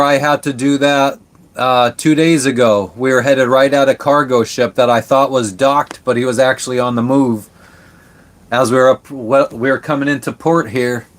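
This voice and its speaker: Laid-back swearing sailor man. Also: mid-range voice. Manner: laid-back, swears casually, rambling with restarts. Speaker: livestream host answering chat. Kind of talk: casual live-stream chat. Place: on a sailboat.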